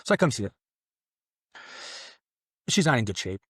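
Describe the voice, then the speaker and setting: A young man speaking at an everyday middle pitch, telling his own story as a podcast guest. He rambles casually with fillers and voices the people in his tale. The sound is close and dry, with no room around it. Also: very animated, moderate pace, a bit bright, husky, dry recording. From Mexican family. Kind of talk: personal storytelling.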